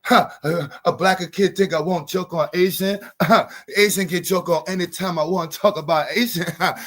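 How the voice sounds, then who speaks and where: A man's voice: high-pitched, a bit bright. A man from Brooklyn, hosting a casual comedic chat full of jokes and slang. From Brooklyn, New York. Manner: joking, laughing, loose slang. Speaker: host.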